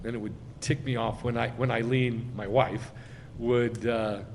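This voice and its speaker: A man giving a sermon as a rabbi, speaking with emphasis and swelling loud on key phrases. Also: mid-range voice, fairly even intonation, measured pace, vocal fry, long reverb tail, a little hiss or hum. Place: congregation sanctuary.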